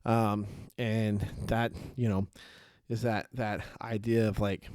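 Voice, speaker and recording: Speaking slowly in a lowish, darkish, level voice, a podcast host wanders through a Bible story for his casual faith show, performing the characters' lines along the way. He piles on fillers and restarts and laughs at his own side trips. The recording is dry and studio-clean.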